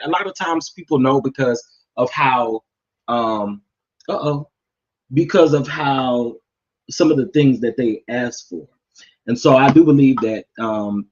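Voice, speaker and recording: A man doing casual gossip commentary, sassy and animated, talking straight to his viewers. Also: mid-range voice, muffled recording. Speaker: commentary vlogger.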